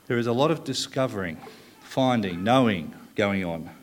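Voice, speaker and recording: A man preaching a sermon, thoughtful, pausing often with "uh" and leaning hard on key words. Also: fairly low pitch, lively intonation, a little hiss or hum. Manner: thoughtful, frequent "uh" pauses, leans on key words.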